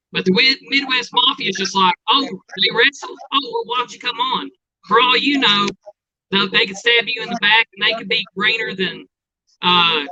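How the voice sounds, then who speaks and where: A man's voice: high-pitched, bright, forceful tone. A man who is a guest wrestler and champion, cutting a boastful, rambling promo full of trash talk. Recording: dull lo-fi sound.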